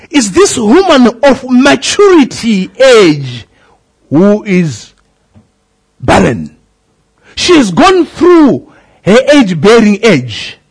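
A middle-aged man, a pastor preaching a sermon, calling out questions to the congregation with a husky voice. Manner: preaching with swooping pitch, calls to the congregation.

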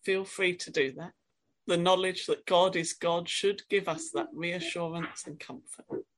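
Woman preacher, lowish voice, reflective sermon delivery, asks gentle questions, reads scripture dramatically. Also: fairly even intonation, unhurried.

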